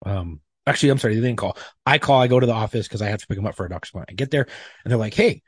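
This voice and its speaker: A man's voice: fairly low pitch, animated, very fast, breathy edge, no room sound, clean studio sound. A man in his thirties co-hosting a podcast, telling a story in blunt, profane casual chat. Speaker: podcast co-host.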